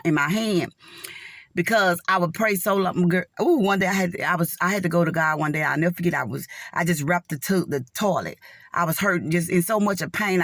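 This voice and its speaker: A woman's voice: lowish voice, fairly bright tone, dry recording, studio quality. A middle-aged woman giving a heartfelt, earnest faith testimony in casual talk, often calling her listeners y'all. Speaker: nurse sharing a faith testimony. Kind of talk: casual spoken testimony to viewers.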